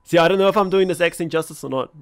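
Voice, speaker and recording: A young man streaming a fighting game, giving excitable live commentary, swearing and shouting at the screen. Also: a little high, racing, a little hiss or hum.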